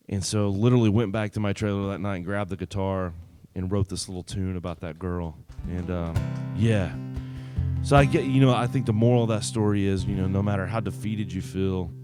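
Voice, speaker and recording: A singer-songwriter telling a story between songs at an open mic, in a relaxed, rambling way full of fillers and restarts. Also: male voice, low voice, normal speed, no echo, soft background music. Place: live open mic event.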